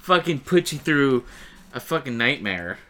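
A man co-hosts a podcast, chatting casually and swearing as he rambles through a retelling of a movie. His voice is medium in pitch and very animated, his pace a little slow, with noise in the background.

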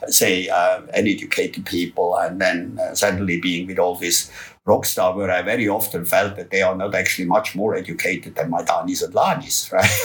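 An older man, a photographer, telling rambling, lively stories in an interview, full of restarts. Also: low-pitched, normal speed, distant mic. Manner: rambling, lively storyteller with frequent restarts and laughs. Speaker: guest photographer. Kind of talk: anecdotal storytelling interview.

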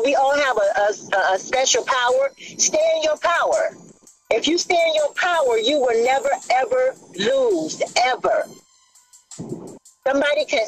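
Mother calling in: a middle-aged woman, earnest and encouraging, with a lively high voice. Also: rough recording. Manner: earnest, encouraging, repeats key phrases. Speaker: caller, the host's mother. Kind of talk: motivational parting words.

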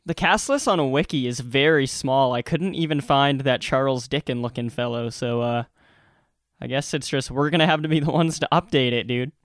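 Young male co-host, wry and relaxed, smooth voice, dry close mic. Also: medium pitch, moderate pace, no echo. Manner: laid-back, wry, says dude. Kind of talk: casual movie reaction chat.

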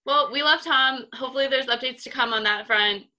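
A bright-voiced young woman in her twenties, chatting with friends over a video call. She tells her stories in an animated, fired-up way, and her voice sits a little high. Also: a little fast. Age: 20s. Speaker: podcast co-host. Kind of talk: casual chat among friends on a video call.

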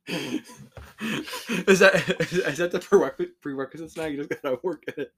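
A young man co-hosting a podcast, chatting casually, swearing and laughing, with lively mock-shouted quotes. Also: a little high, unhurried, husky. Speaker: podcast co-host. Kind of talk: casual chat.

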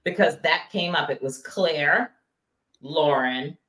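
A woman's voice: low voice, takes it slowly, a bit bright, roomy sound, rough recording. A woman co-hosting a casual reality TV recap, talking expressively, reading from her notes and quoting what people said. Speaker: podcast co-host.

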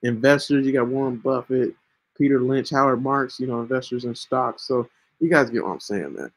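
A man's voice: medium pitch, moderate pace. A man hosting his own podcast, teaching the Bible in a casual, earnest monologue and often checking in with "right?", with coughing fits breaking in. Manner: earnest, keeps asking "right?". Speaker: Christian podcast host. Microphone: home computer mic with screen sharing.

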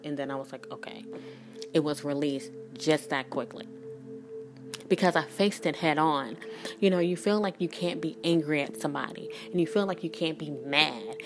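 A woman in her thirties, a spiritual reader and energy worker, talking candidly and bluntly in a rambling, emphatic way and swearing freely. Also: low voice. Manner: rambling, many restarts and "like". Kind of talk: candid spiritual vlog talk.

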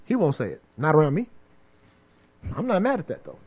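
This man speaks with a fairly high voice that swings up and down. He talks in a relaxed, slangy way but hits his points hard and often acts out the voices of people he quotes. The pitch jumps are wide and lively. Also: brisk, husky. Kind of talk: casual chat.

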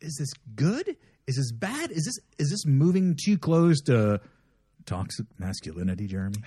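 A woman co-hosting a casual podcast chat, playful and teasing, quick to laugh. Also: low voice, very animated, mellow, husky. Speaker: podcast co-host.

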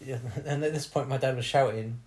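A young man tells a rude, funny story to his co-hosts. He keeps laughing and bursts into lively retellings of what everyone said. His voice sits at an ordinary pitch. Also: fairly quick. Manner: laughs often, bawdy, animated retelling. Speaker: podcast host telling a story. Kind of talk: casual comic storytelling.

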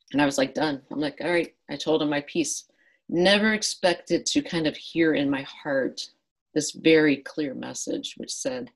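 A woman's voice: rumbling low, brisk, vocal fry, husky, rough recording. A middle-aged woman, a guest author, earnestly telling a personal story in an interview and acting out her past dialogue.

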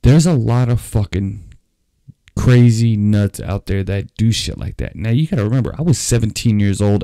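Low-voiced man telling a profane story. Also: no echo, studio quality. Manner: profane, rambling, animated retelling. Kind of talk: casual storytelling.

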